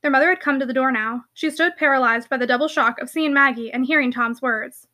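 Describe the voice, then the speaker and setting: A woman narrating a classic novel as an audiobook, with a steady, expressive reading. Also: high-pitched, a little fast. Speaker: audiobook reader.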